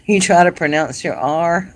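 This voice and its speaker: A middle-aged woman from South Carolina with a Southern accent, chatting casually and warmly with viewers on a live craft stream, laughing often. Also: fairly low pitch, measured pace, poor audio. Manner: chatty and homey, laughs often, says "y'all". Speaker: craft channel host.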